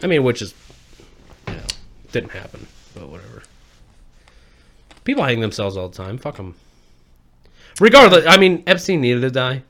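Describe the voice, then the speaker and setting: A man co-hosting a podcast, joking loudly and swearing in casual crude banter with a friend. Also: mid-range voice, sing-song, moderate pace, long pauses, slight background noise. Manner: loud, profane, joking, laughs often. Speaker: podcast co-host.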